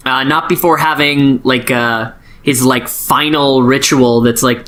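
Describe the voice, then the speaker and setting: A man co-hosting a podcast, recapping a book in a loose, profane way and briefly acting out characters in quick voices. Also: medium pitch, a bit bright. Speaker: podcast co-host. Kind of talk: casual chat recapping a book.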